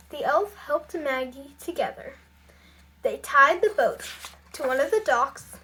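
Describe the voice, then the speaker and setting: A woman reads a children's storybook aloud, unhurried and careful. Her voice sits very high, and she paces every line slowly. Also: expressive, pushed and bright. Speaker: storybook reader. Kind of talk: reading a children's picture book aloud.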